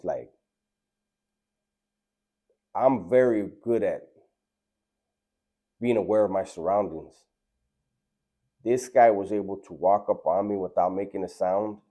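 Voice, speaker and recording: Laid-back man, dark voice. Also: low voice. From Southern California. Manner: laid-back, slangy, earnest. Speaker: storyteller. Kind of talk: casual personal storytelling.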